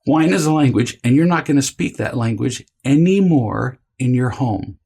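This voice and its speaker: A man teaching parenting in a calm, deliberate coaching tone, drawing out key words for emphasis. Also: mid-range voice, gravelly, breathy edge. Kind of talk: instructional talk to camera.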